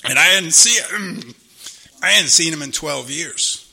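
An older man with a gravelly voice tells his recovery story to a meeting. His tone is sharp and bright, and he sits a little high in pitch. He talks earnestly and keeps checking in with the room. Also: animated, a little slow. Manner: earnest storytelling, repeats himself, frequent "you know?". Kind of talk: personal testimony talk.

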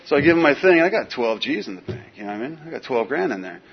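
A man telling a personal story in casual, animated speech, full of "dude" and "man". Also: mid-range voice, quick pace, crowd noise. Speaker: guest telling his recovery story. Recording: dull lo-fi recording with faint hiss.

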